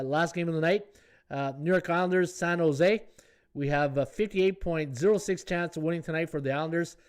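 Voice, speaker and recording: A man's voice: a little high, clear, resonant tone. A man hosting a sports betting podcast, chatting casually as he thinks aloud through the odds and reads out viewer comments. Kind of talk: casual live-stream analysis.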